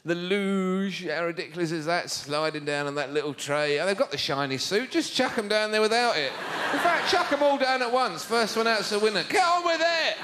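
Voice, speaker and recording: A man delivers a mocking stand-up routine from a theatre stage, his pitch leaping up and down and sitting a little high for a man. The live show carries a loud wash of audience noise behind him. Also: lively intonation, brisk, few pauses. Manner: sardonic, mocking, breaks into shouted mimicry. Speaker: stand-up comedian.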